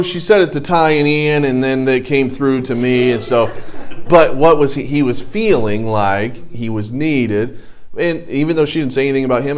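A man's voice: medium pitch, a little mellow. A middle-aged man teaching an adult church Bible class, telling stories in a loose, conversational way with emphatic stretches. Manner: conversational, anecdotal, sidetracked storytelling with rising emphasis.

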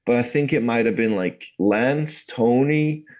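Talkative English man, mellow voice. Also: mid-range voice, unhurried, low-quality recording. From England. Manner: rambling, animated storyteller, lots of fillers. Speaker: guest. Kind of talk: casual testimony interview.

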